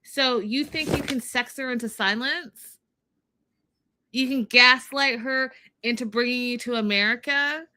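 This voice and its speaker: A woman's voice: on the high side, measured pace, pushed and bright. A woman co-hosting an online recap show, talking casually and with strong opinions about a reality TV episode. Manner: opinionated, acts out quotes from the episode. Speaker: podcast co-host.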